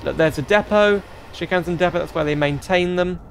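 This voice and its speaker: A man giving let's-play commentary as he drives a train in a game, chatty and thinking aloud, with bursts of excited exclamations. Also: high-pitched, a little fast, vocal fry, hardly any pauses, slight background noise. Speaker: gaming channel host.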